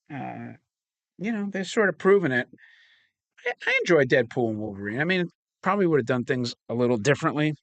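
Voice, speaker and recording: A man's voice: a little high, a bit bright, no room sound. A man hosting a casual unboxing chat, rambling and swearing casually as he talks. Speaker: toy collector host.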